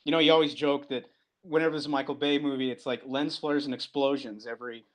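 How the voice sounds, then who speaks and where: A man's voice: mid-range voice, quick pace. A man, a comic book creator and guest, chatting animatedly and acting out movie lines as he talks. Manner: animated, acts out movie lines, restarts often. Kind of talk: casual interview chat.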